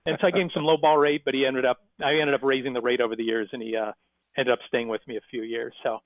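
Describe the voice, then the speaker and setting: A man's voice: mid-range voice, little pitch movement, fast talker, no room sound. Man hosting over a tinny line. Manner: storytelling, self-deprecating. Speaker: podcast host. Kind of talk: casual interview chat. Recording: tinny dry phone-like line.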